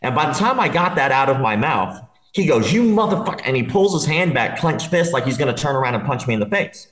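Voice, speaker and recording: A man tells a rowdy story in loose, casual talk, swearing freely and breaking into laughter. His voice sits at an ordinary pitch. The room around him rings with noticeable echo. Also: brisk. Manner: animated, swearing, laughing while telling a story. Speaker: podcast guest. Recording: roomy echo.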